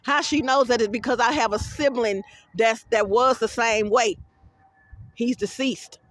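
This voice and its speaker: A woman's voice: on the high side, a little slow, dry recording. A woman giving a rambling casual vlog monologue. She tells her stories bluntly and profanely, with plenty of animation. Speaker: vlogger.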